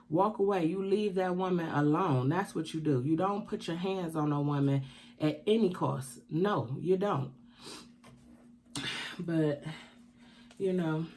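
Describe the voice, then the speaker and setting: A woman's voice: low-pitched, mellow, slight background noise. A woman vlogging tearfully, speaking with emphatic, preaching repetition. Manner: emphatic, repeats points like preaching. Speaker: keto mukbang vlogger. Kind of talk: emotional personal vlog confession.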